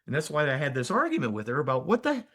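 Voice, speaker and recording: Animated older man telling a story. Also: mid-range voice, very fast. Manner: animated, emphatic storyteller with asides. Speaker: physician and energy healer, podcast guest. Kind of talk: conversational storytelling in an interview.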